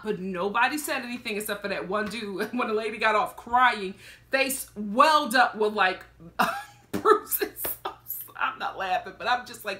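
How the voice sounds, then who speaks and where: A woman from Philadelphia telling a story in a casual reaction vlog, animated and laughing often. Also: on the high side, normal speed. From Philadelphia, USA. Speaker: reality TV reaction vlogger.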